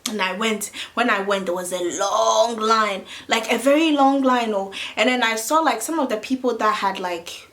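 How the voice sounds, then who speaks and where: A young adult woman telling a story in a casual vlog, chatty and animated, with many "like" fillers. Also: on the high side, moderate pace, hardly any pauses. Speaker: vlogger.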